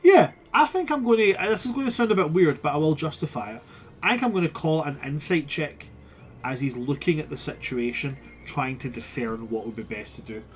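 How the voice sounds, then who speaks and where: A man's voice: fairly high pitch, expressive, a little fast, soft background music. A man narrating as game master, thinking aloud casually.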